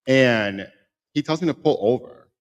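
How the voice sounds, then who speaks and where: A man in his thirties, a podcast co-host, telling a personal story in casual conversation, emphatic and animated, repeating phrases for effect. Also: medium pitch, unhurried.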